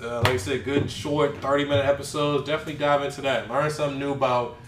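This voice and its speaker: A man's voice: mid-range voice, little pitch movement, quick pace, fairly bright tone, slight background noise. A man hosting a casual podcast, talking in loose, slangy banter. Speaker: podcast host. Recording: echoey room, off-mic, faint ambience.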